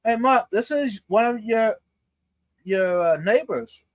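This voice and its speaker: A man's voice: high-pitched, no room sound. A man hosting a live stream, chatting casually, stumbling over words and laughing a lot. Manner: lively, halting, laughs a lot.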